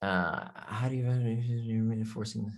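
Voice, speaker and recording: A man giving an impassioned talk on a video call, with emphatic rhetorical questions, then calmly answering audience questions from the chat. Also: on the low side, slow pace. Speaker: author and speaker.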